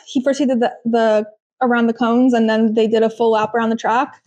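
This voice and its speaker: A bubbly woman with a higher voice hosts a podcast from her home kitchen, having a casual recap chat. She tells stories in an animated way, tossing in quick quoted voices and laughing.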